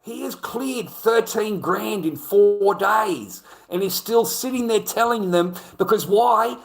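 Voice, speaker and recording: Aussie bloke ranting and swearing, fairly high voice, keeps repeating himself. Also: male voice, lively intonation, slow pace, creaky, soft background music. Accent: Australian. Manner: profane, indignant, repeats himself. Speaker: streamer. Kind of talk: casual rant to camera.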